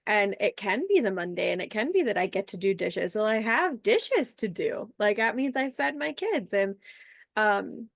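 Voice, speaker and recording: A woman's voice: medium pitch, very animated, moderate pace, vocal fry, no echo. A woman hosting a podcast, talking reflectively in casual conversation with many fillers. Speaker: podcast host.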